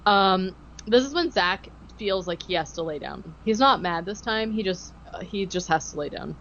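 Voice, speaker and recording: A woman's voice: mid-range voice, expressive, moderate pace, a bit bright, lo-fi sound. Sarcastic woman recapping a show. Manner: sarcastic, mocking voices of the show's hosts. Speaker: podcast host. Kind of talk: casual podcast recap.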